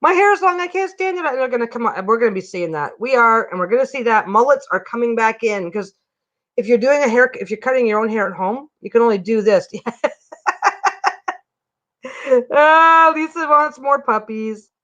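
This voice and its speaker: A woman's voice: on the high side, normal speed, fairly bright tone, muffled recording. Rambling chatty woman streaming from home. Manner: rambling, self-interrupting, chatty. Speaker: livestream host. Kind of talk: casual chat.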